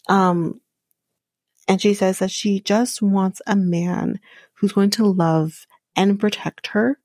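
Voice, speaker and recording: A woman's voice: mid-range voice, fairly even intonation, takes it slowly, a little mellow, dry recording. A woman hosting a reality show recap podcast, giving blunt, profane opinions in casual commentary. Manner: blunt, profane, talks through fillers.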